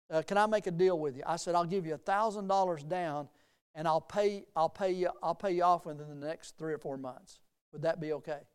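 A middle-aged male pastor delivers a sermon in a smooth, resonant voice pitched a little high. He talks in a folksy, storytelling way, then builds to emphatic, lively preaching. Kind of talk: sermon with personal stories.

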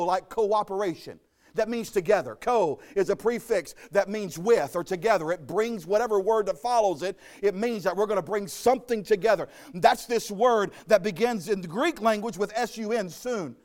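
High-voiced folksy preacher man. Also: normal speed, darkish tone. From Arkansas. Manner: folksy, joking asides, storytelling. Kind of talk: sermon.

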